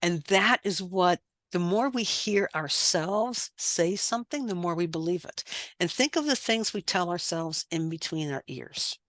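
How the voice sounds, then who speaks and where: A woman's voice: lowish voice, animated, a little slow, fairly bright tone, dry recording, studio quality. A middle-aged woman sharing her story as a podcast guest, earnest, repeating phrases for emphasis. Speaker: guest, life coach. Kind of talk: candid personal testimony.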